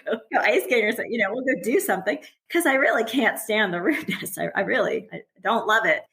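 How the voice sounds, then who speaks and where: A woman's voice: fairly high pitch, expressive, fast talker, fairly bright tone, slight background noise. A middle-aged woman who is a guest on a podcast, talking candidly and conversationally and laughing often as she speaks. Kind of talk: casual conversational interview.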